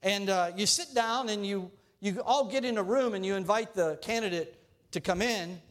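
High-voiced pastor preaching casually. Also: male voice, moderate pace. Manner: conversational, joking with congregation. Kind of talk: sermon.

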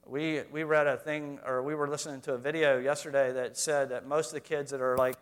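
A man preaching a sermon to a congregation, swinging between quiet asides and loud, emphatic lines. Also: medium pitch, little pitch movement, brisk, clear, resonant tone. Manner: reads scripture aloud, addresses congregation directly. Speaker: pastor.

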